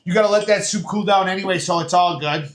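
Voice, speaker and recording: A man's voice: sits high, fast, echoey room, slight background noise. A man hosting a casual home cooking show, chatting folksily through each step from his kitchen with plenty of fillers.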